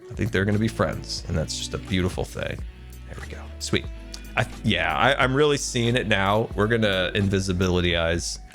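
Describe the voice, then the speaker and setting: A man live-streaming a game, chatting casually with viewers in a rambling way and laughing often. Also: deep voice. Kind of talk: casual live-stream chat while gaming.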